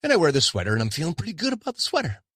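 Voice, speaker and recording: A man's voice: a little high, wildly swooping pitch, racing, fairly bright tone, breathy edge, no room sound, clean studio sound. A middle-aged man hosting his own podcast, talking candidly and self-deprecatingly in a rambling casual monologue. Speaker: podcast host.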